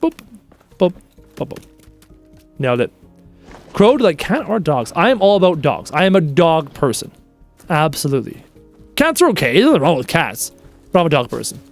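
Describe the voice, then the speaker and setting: A man's voice: fairly high pitch, very animated, brisk, faint music behind. A man live-streaming a game, chatting casually and reading out viewers' messages in a playful way. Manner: chatty, reads chat aloud, playful.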